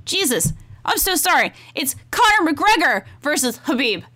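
A woman podcast co-host whose voice sits high and bright. She chats in a gushing, excitable way and swears freely. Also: normal speed. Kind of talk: casual chat.

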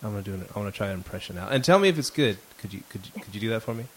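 A man's voice: on the low side, expressive, very fast, a little hiss or hum. A man hosting a podcast in casual chat, teasing and sarcastic, often breaking into laughter. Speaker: podcast host.

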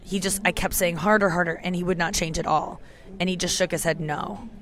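A woman's voice: on the low side, steady tone, a little fast. A woman in her thirties with a sore throat, hosting a casual, candid solo podcast from an airport gate. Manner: chatty, candid and self-mocking, swears freely. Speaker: podcast host. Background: music playing faintly.

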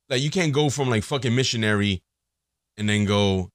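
A man's voice: mid-range voice, animated, a little fast, fairly bright tone, dry recording, clean studio sound. A man hosting a casual solo podcast, crude and joking, rambling with lots of fillers and restarts. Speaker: podcast host.

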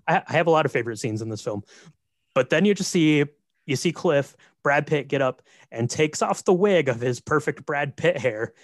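A man co-hosting a casual film podcast, retelling the plot in a relaxed way with fillers. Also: medium pitch, no room sound, clean studio sound. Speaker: podcast co-host. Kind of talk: casual film recap chat.

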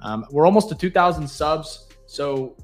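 A man co-hosting a casual sports podcast, relaxed and thankful, rambling with fillers. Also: on the high side, normal speed, faint music behind. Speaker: podcast co-host.

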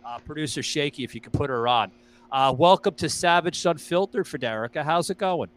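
A man's voice: a little high, expressive, fairly quick. A man with a New York accent hosting a podcast, chatting casually with many stammered restarts. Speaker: podcast host. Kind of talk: casual chat.

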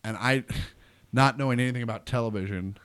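A man, a comedian guest, tells a story in relaxed chat. He acts out the people in it with sudden loud bursts. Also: medium pitch, a little fast, clean tone. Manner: animated, acts out quotes loudly. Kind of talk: casual storytelling.

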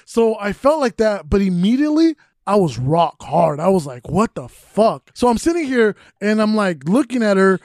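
A man's voice: high-pitched, big pitch swings, normal speed, a little mellow, no echo, clean studio sound. A young man hosting a podcast, telling personal stories candidly in a rambling, casual way full of fillers. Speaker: podcast host.

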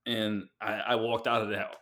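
A man from New York City, a guest in an interview, telling a personal story in a heartfelt, halting way with many fillers and restarts. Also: on the low side, flat delivery, pushed and bright. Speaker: guest artist.

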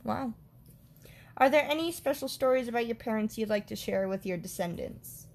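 A woman's voice: a little high, expressive, normal speed, gravelly, darkish tone. A woman co-hosting a podcast, reading prepared interview questions in a friendly way.

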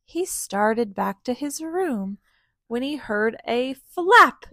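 A woman reading a picture book aloud to children, animated and asking them to join in with sounds. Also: fairly high pitch, slow pace, dry recording, studio quality.

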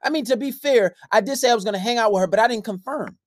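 A man's voice: high-pitched, quick pace, no echo, clean studio sound. A young man hosting a casual dating-advice podcast, brash, profane and preachy in his delivery. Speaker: podcast host.

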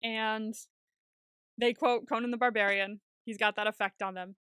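A woman co-hosting a casual TV recap podcast, chatty and quick to swear and laugh. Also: fairly high pitch, fairly even intonation, a bit bright, smooth, no echo, studio quality. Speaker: podcast co-host.

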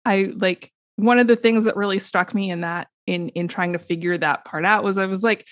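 A woman's voice: medium pitch, fairly even intonation, moderate pace, few pauses, no echo, clean studio sound. A woman co-hosting a podcast in casual chat, frank and profane, laughing often. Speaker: podcast co-host.

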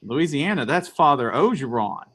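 Lively, bright-voiced male podcast host. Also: medium pitch, normal speed, slightly rough. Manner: jokey, laughs often, bursts into silly voices. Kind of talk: comedic podcast banter.

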